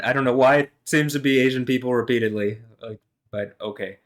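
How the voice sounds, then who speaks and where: A man's voice: mid-range voice, fairly even intonation, brisk. A man vlogging alone, talking in a meandering, heated way with lots of fillers and some swearing. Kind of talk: rambling solo monologue.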